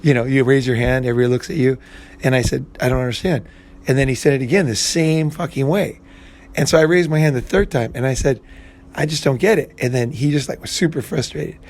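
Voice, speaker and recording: A man's voice: mid-range voice, fast, a little mellow. A man hosting a casual monologue, rambling with many restarts and fillers and some blunt swearing. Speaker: podcast host.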